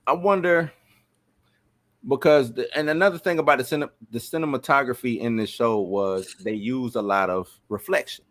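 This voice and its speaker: A man co-hosting a casual show review, talking in a relaxed, conversational way. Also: mid-range voice, moderate pace. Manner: relaxed, conversational, "you know what I'm saying". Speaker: podcast co-host. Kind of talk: casual chat.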